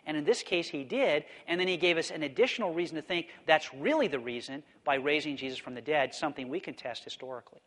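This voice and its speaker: A man giving a theology lecture and answering questions, explaining in a thoughtful, measured way. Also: on the high side, fairly bright tone, in a large hall.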